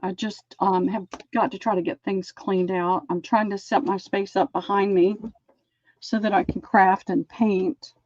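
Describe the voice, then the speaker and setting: A woman hosting a live-stream sale, chatting and describing lace items slowly. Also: mid-range voice, little pitch movement, a little mellow, dry recording, lo-fi sound.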